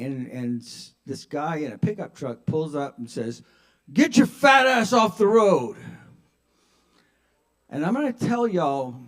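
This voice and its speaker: An older man doing a self-mocking stand-up set at an open mic, shifting between mumbled asides and loud punchlines. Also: medium pitch. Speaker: stand-up comedian. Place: open mic at a kava bar.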